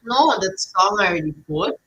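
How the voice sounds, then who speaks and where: A woman's voice: medium pitch, expressive, moderate pace, fairly bright tone, echoey room, far from the mic, highs cut off, slight background noise. A woman hosting a casual livestream chat, rambling and blunt, swearing freely. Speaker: livestream host.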